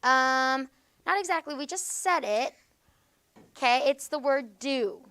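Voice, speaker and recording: Bright-voiced woman teaching grammar. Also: high voice, lively intonation, measured pace. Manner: patient, checks understanding with frequent "okay?". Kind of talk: classroom grammar lesson.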